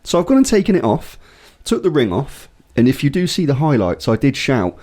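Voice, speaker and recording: A young man co-hosting a podcast, telling an animated, profane story in casual chat. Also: medium pitch, brisk, few pauses. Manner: animated storytelling, swears often, acts out voices in anecdotes. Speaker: podcast co-host.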